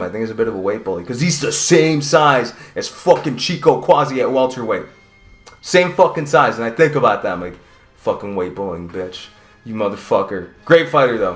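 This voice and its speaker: Male fight commentator, casual and profane, rambling delivery, echoey room. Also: medium pitch. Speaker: combat sports commentator. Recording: roomy echo.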